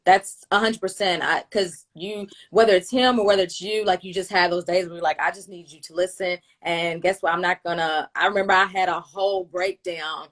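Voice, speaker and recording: A woman hosting a relaxed video chat, telling stories and acting out what people said to her. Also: a little fast, hardly any pauses. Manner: animated, acts out quoted dialogue with big pitch jumps. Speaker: host. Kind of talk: casual chat on a video livestream.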